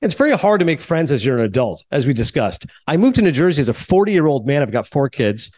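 A man in his forties hosting a podcast, telling stories in a casual chat and acting out what others said. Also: mid-range voice. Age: 40s. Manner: animated, acts out others' lines in quick storytelling. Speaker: podcast host.

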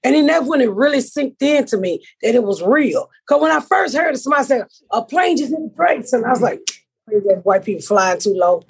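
This is an American woman in middle age, hosting a casual podcast. Her voice is raspy and breathy, sitting a bit high. She tells profane, animated stories, acting out her own lines and everyone else's. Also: brisk. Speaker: podcast host. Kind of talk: casual chat, storytelling.

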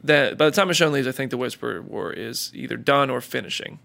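A man hosting a casual chat, telling stories with lively acted-out quotes. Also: mid-range voice, quick pace, gravelly. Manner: animated storyteller, acts out quotes.

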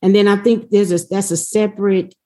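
Woman, panel guest, emphatic, conversational, mid-pitched voice. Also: fairly even intonation, a little fast, warm tone. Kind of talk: panel discussion.

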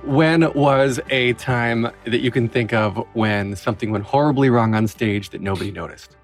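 A man hosting a podcast interview, asking questions and reflecting in a measured, conversational way. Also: mid-range voice, faint music behind. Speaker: podcast host.

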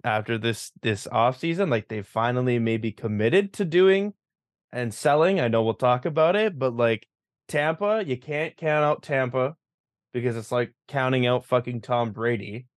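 A man's voice: medium pitch, animated, moderate pace, no room sound, clean studio sound. A young man on a casual sports chat panel, talking in a laid-back, hesitant way with fillers. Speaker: podcast panelist.

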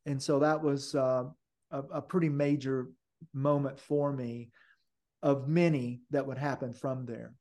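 A man's voice: mid-range voice, fairly even intonation, unhurried, warm tone. An older man, a podcast guest, telling long stories in a rambling way with many restarts and fillers. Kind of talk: casual interview storytelling.

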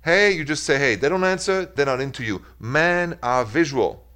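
Middle-aged French-accented male host, chatty call-in advice style, ordinary pitch. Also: moderate pace, clean tone. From France. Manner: lively, chatty, mixes in French phrases. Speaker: radio dating advice host.

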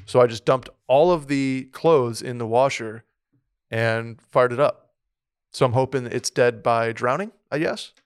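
A man's voice: medium pitch, measured pace, smooth, dry recording, clean studio sound. A man co-hosting a casual sports podcast, rambling with lots of restarts and fillers. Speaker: podcast co-host. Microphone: studio mic with a soundboard.

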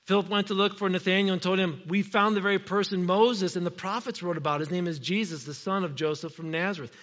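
A man preaching to his congregation in an animated sermon, his fairly high voice rising and dropping as he slips into quick voices for the people in the story. The sound is slightly dull and muffled. A long reverb trails each phrase, as in a large church hall. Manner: animated preaching, acts out Bible characters in quick asides. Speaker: pastor. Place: church sanctuary.

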